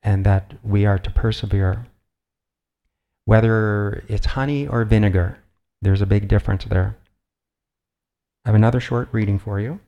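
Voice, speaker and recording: An older man giving a sermon, reading slowly and measuredly, with pauses and fillers as he tells a family story. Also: fairly low pitch, steady tone, highs cut off. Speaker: preacher.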